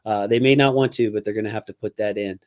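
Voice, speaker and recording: A man hosting a casual sports talk show on his own channel, speaking in an animated, emphatic way. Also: on the low side, fast talker. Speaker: podcast host.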